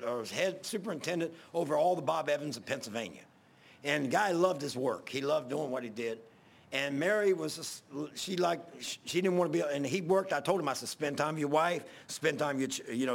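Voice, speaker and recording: Gravelly preacher telling a story. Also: male voice, fairly high pitch. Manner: rambling, repeats himself, swells loud at emotional peaks. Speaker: pastor. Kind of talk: folksy storytelling sermon.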